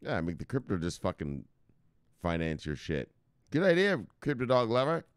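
A rambling, profane man hosts a crypto news livestream, chatting loosely and reading out viewer comments. His voice is clear and resonant, with a lively, wide-ranging pitch. The sound is dry and close. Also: moderate pace, no room sound. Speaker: crypto news show host.

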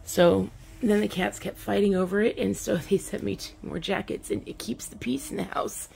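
A woman's voice: mid-range voice, moderate pace, creaky, a little mellow, slightly rough. A woman filming her cats on a phone, chatting to them affectionately in a casual pet vlog. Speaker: vlogger.

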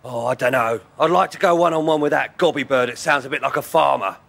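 A man's voice: medium pitch, quick pace, gravelly, a bit bright. A man voicing a grumpy, rude male talking tree who answers in curt, insulting put-downs. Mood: surly.

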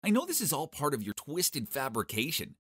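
A man's voice: on the high side, huge pitch swings, brisk, a bit bright, husky, no room sound, clean studio sound, voice pushed up, exaggerated voice. A man doing a scornful teenage girl. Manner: accusing, indignant. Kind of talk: animated story voice acting.

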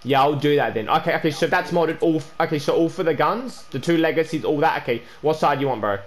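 A man's voice: on the high side, fast. A young man, a gaming YouTuber, chatting casually during an online trade prank, stammering and repeating himself and calling the other player "bro" and "man".

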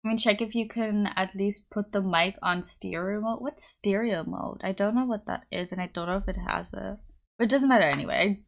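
A bubbly young woman streamer chats with her viewers from home, rambling and giggling as she reads their messages. Her voice sits at an ordinary middle pitch and comes through a desktop mic. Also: moderate pace, gravelly. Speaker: livestreamer. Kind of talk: casual chat with live chat. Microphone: desktop USB mic.

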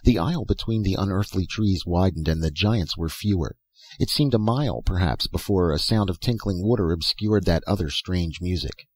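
A man reading fiction aloud as an audiobook narrator, in a measured, even reading style. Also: deep voice, slightly rough, no echo. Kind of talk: scripted narration.

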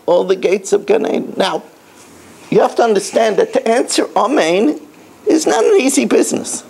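A middle-aged man, a rabbi, giving an animated sermon to schoolboys, telling stories and repeating his points emphatically. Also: high voice, normal speed, gravelly, slightly rough. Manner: animated storytelling, emphatic repetition.

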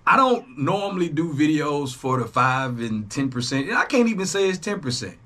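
A young man, hosting a reaction channel in a casual, profane monologue that swings between loud jabs and low asides. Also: big pitch swings, normal speed. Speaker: YouTube reaction host.

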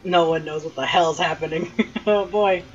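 A woman streamer with a husky voice, chatting casually and giggling as she reads a game with friends. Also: on the low side, steady tone, normal speed, lo-fi sound, soft background music. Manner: giggly, swears freely. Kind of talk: casual chat while reading a game.

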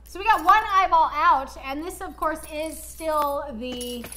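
A woman hosting a game stream, giving excitable play-by-play commentary. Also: high-pitched, unhurried, faint music behind. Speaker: host commentator.

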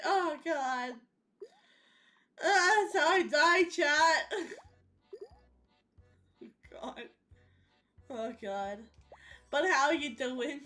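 Young woman streamer yelling at a fruit game, high voice, slow drawn-out talk, faint music behind. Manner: excitable, loud outbursts, swears a lot, sound-effect chanting. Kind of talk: casual gameplay commentary to chat.

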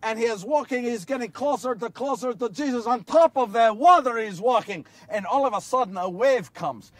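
A man's voice: very high voice, normal speed, no room sound, recorded from a distance. A man playing an earnest apostle who recalls miracles in a first-person monologue, telling the story and asking his listeners questions, recorded outdoors. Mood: awed. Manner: storytelling, rhetorical questions to listeners, builds to shouts. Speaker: actor in a one-man biblical monologue. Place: outdoors on location.

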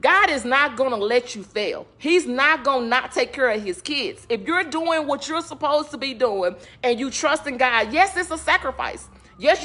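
A woman hosts a casual faith podcast, speaking in a slightly high voice. She talks in an earnest, emphatic, conversational way, close to preaching. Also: sharp tone. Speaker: podcast host. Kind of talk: casual faith talk monologue.

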